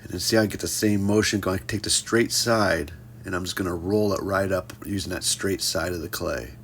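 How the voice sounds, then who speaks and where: A man's voice: low-pitched, fairly even intonation, a little fast, a bit bright, a little hiss or hum. A man teaching a pottery class in a casual hands-on demonstration, joking with his viewers as he works. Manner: playful, jokey asides addressed to "folks".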